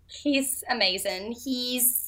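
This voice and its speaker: Earnest woman guest, slightly high voice. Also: slow pace, a bit bright, a little hiss or hum. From Scotland. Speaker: podcast guest. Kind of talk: casual interview conversation.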